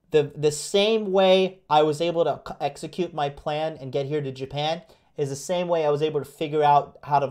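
A dating coach hosts a livestream, delivering a brash, profane motivational rant to his viewers. His voice is a little high for a man and a little mellow, and he hammers the same phrases repeatedly while slipping into mocking whiny voices.

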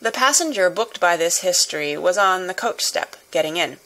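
A woman reading a classic novel aloud as audiobook narrator, in steady, measured storytelling. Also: lowish voice, rough recording.

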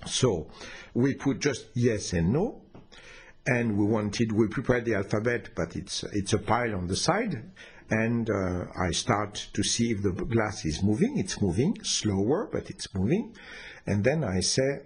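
A man's voice: fairly low pitch, expressive, a little slow, breathy edge. A man telling a personal story in an unscripted, hesitant way, with restarts and fillers.

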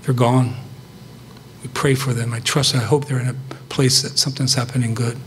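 A man's voice: mid-range voice, little pitch movement, normal speed, a little hiss or hum. A middle-aged man giving a farewell sermon to his church, earnest and emphatic in short, punchy phrases.

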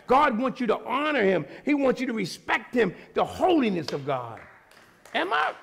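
A man preaching a sermon as pastor, animated, swinging from low asides to shouting. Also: normal speed, gravelly, a little hiss or hum.

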